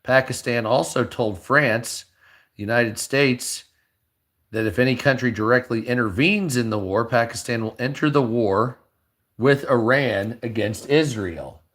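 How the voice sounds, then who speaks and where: Tired guy swearing a lot while reacting to news clips, mid-pitched voice. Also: a little slow, fairly bright tone. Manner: blunt and heavily profane, reading headlines aloud. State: tired, low energy. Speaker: online news commentator. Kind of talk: casual reaction commentary.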